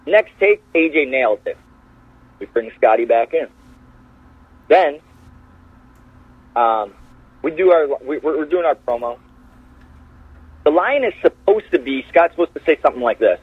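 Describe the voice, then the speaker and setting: A man's voice: fairly high pitch, unhurried, long pauses, breathy edge, no echo. A man, a wrestler guest, telling backstage stories in casual chat and acting out the quotes. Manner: animated, acts out quotes in changed voices. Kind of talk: casual storytelling. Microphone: phone call. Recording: tinny phone line.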